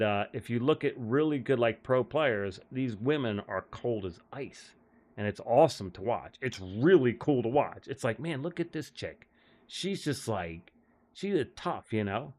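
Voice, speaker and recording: A man of middle pitch rambles through golf stories in a loose, casual way. He stumbles over restarts, leans on fillers and chuckles now and then between thoughts. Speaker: golf caddie and show host.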